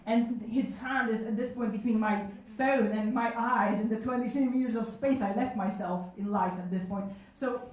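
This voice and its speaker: A woman's voice: on the high side, steady tone, moderate pace, hardly any pauses. Frank, self-mocking woman in her thirties. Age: 30s. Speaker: solo show performer telling stories. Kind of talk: comic storytelling at a live event. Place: small cafe event room. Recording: echoey room from a distance.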